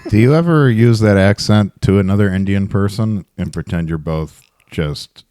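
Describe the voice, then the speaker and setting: A young man with a very low voice ribbing his co-hosts on a comedy podcast. His delivery is dry and teasing, recorded close with no room sound. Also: normal speed, warm tone, clear, resonant tone, no echo. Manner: dry, teasing, leading questions. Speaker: podcast co-host. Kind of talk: casual comedic chat.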